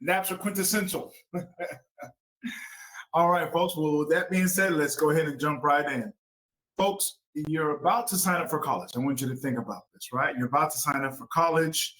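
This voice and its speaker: A man's voice: a little high, moderate pace, bright, forceful tone, rough recording. A man hosting an educational talk show, speaking upbeat to the listeners as folks. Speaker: podcast host.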